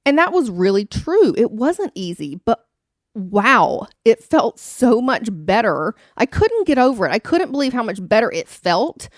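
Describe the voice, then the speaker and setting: A woman's voice: a little high, big pitch swings, unhurried, dry recording, clean studio sound. A woman in her thirties hosting a podcast, telling a personal story in an earnest, confiding way. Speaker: podcast host.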